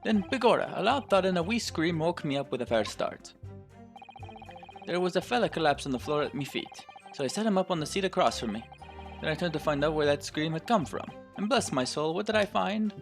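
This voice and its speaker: A man's voice: expressive, fairly quick, faint music behind. A man voicing a sly male moneylender witness with an exaggerated, strained Irish accent, reading a game aloud. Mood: folksy. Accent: put-on Irish. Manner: folksy, sly, strained high put-on brogue.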